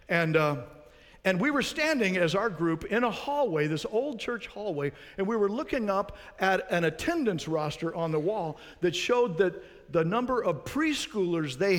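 A man's voice: high-pitched, long reverb tail. A man preaching a sermon as pastor, earnest, putting rhetorical questions to his congregation.

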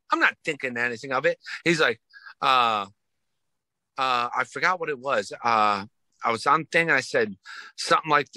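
Bright-voiced man telling loose profane stories. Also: fairly high pitch, dry recording. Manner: loose, profane, laughing storyteller. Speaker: guest musician. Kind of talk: casual chat.

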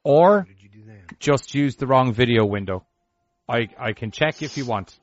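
A man's voice: medium pitch, measured pace. Male host, sarcastic, profane, casual stream banter, muffled lo-fi sound. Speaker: podcast host. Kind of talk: casual livestream chat. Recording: lo-fi livestream audio.

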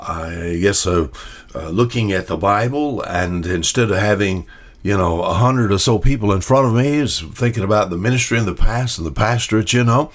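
An older man giving a short radio Bible talk as preacher, folksy, often repeating questions and answering imagined listeners. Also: fairly low pitch.

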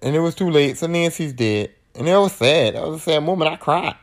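Man, podcast host, casual horror movie recap, slangy, profane, rambling, slightly high voice. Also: expressive, a little fast.

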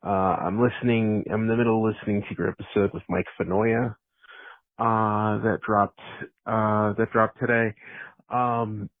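A man's voice: fairly low pitch, flat delivery, moderate pace, no room sound. A man leaving an earnest voicemail, correcting a detail with many fillers. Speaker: caller. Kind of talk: voicemail message. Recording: tinny phone line.

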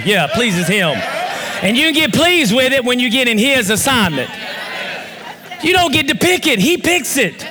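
A man preaching a sermon as pastor, animated and often shouting, with bursts of fast talk. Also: very high voice, noisy background. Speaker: pastor and youth football coach.

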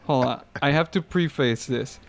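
A man's voice: mid-range voice, unhurried. A man co-hosting a podcast, telling a story in casual chat and laughing often. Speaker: podcast co-host.

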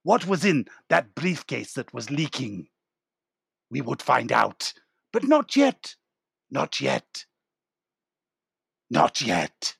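Man doing a pompous rambling writer, gravel in the voice. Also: medium pitch, wildly swooping pitch, slow pace, pauses often, a bit bright, no echo, studio quality, heavily acted. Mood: storytelling. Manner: rambling, self-satisfied improv guest. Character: pompous male author of a train murder novel. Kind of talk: improvised comedy interview.

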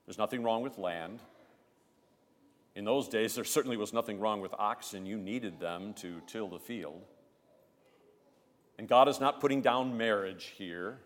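A man preaching a sermon as pastor, emphatic, swelling loud on key phrases and dropping low between them. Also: a little slow, pauses often. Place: church sanctuary. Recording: long church reverb.

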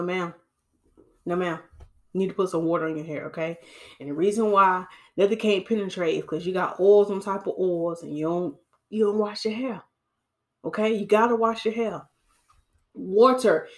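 A woman hairstylist gives casual hair-care advice to her listeners. She is animated and preachy, repeats her points and calls her audience sis. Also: mid-range voice. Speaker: hairstylist and podcast host.

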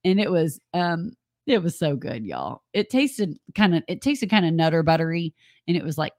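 A woman's voice: on the low side, sing-song, normal speed, a little mellow. Lady chatting on a live stream, giggles a lot, keeps saying y'all. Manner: chatty storyteller, laughs often, says y'all. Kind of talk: casual chat.

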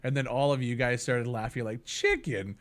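A man's voice: medium pitch, little pitch movement, brisk, heavy background noise. A man with a mid-range voice talking casually with a friend about a game. He is easygoing, agrees often and laughs along with some swearing. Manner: laid-back, frequent agreeing and laughing, profane. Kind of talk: casual chat.

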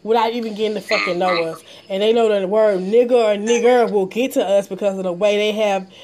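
A woman from the Atlanta area, talking bluntly and profanely in casual conversation, animated as she tells stories. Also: medium pitch, fast talker.

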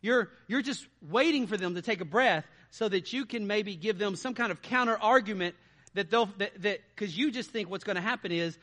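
A man preaches to his congregation in a lively, animated way. His voice sits high for a man and rings bright and forceful. He keeps turning to his listeners with rhetorical questions. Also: normal speed. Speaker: pastor. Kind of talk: sermon.

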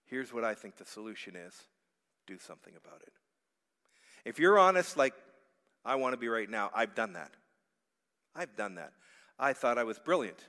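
A man preaching a sermon as pastor, swinging between hushed reflection and loud, pleading passages. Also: medium pitch, expressive, a little fast, long pauses. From Canada. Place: church sanctuary. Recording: church hall reverb.

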